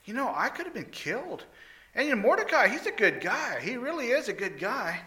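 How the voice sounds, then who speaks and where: A man voicing an impulsive ancient Persian king who fires off rapid, excited questions. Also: very high-pitched, voice pushed up, heavily acted. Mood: fretful.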